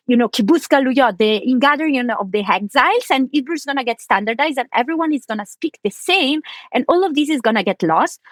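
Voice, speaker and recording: A woman reporter talks through her subject in a fairly high voice, chatty and loose, with plenty of "like" fillers. The sound is close and dry, with no room around it. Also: no echo. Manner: chatty explainer, frequent "like" fillers. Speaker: archaeology reporter. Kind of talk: explaining as a guest on a news podcast.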